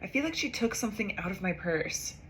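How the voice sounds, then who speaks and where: A woman's voice: mid-range voice, animated, a little fast. A young woman, a comedian, telling a personal story in a casual, self-mocking way, acting out the dialogue with big jumps in her voice.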